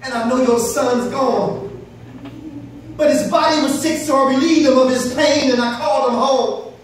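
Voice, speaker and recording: A man voicing God as a patient, fatherly figure who calmly admonishes, heard echoing from far off in a hall. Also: very high-pitched. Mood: admonishing. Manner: calm, admonishing, measured.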